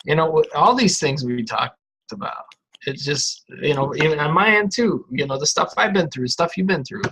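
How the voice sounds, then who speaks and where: A man's voice: on the high side, lively intonation, moderate pace, a bit bright, breathy edge, poor audio. A man appearing as a podcast guest and author, talking in an easygoing, encouraging way. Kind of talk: casual chat.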